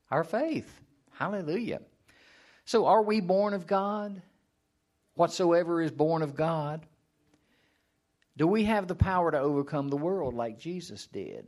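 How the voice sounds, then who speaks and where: A man giving a sermon in a conversational way, asking the listeners questions and answering them himself, and now and then acting out a mock prayer. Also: darkish tone. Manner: acts out mock prayers in a high strained voice. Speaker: preacher.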